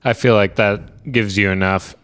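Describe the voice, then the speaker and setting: A man's voice: lowish voice, steady tone, moderate pace, a bit bright, no echo, clean studio sound. A man co-hosting a podcast, laid-back and casual in his talk. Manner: laid-back, mostly short agreeing replies. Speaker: podcast co-host.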